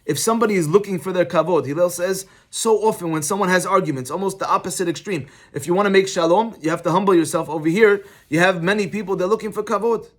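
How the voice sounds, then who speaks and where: High-voiced rabbi telling stories. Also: male voice, fast talker, hardly any pauses. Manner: conversational, storytelling, animated. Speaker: rabbi teaching a class. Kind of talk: informal Torah class with personal anecdotes.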